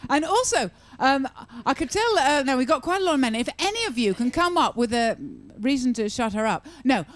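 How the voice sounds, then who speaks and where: Female stand-up comic, chatty and sarcastic, animated delivery. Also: high voice, a little fast, dry recording. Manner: chatty, teasing the crowd, sarcastic asides. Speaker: stand-up comedian. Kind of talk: stand-up comedy set. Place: live comedy venue with audience.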